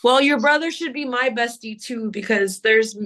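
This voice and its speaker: A woman's voice: fairly high pitch, normal speed, a bit bright. Bubbly Kentucky woman, raised voice. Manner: bubbly, uses y'all. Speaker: co-host of a live astrology stream. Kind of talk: casual live-stream chat.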